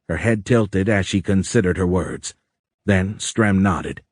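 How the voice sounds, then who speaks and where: A man narrating a science fiction audiobook in a measured, even way, on a close microphone. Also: deep voice, dry recording. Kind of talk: scripted narration.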